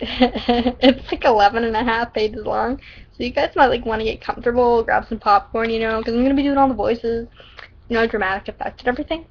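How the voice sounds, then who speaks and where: A woman's voice: on the high side, fairly even intonation, fairly quick. A woman reading her own story aloud on a lo-fi recording, often giggling and stumbling over words. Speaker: amateur storyteller. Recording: dull lo-fi recording.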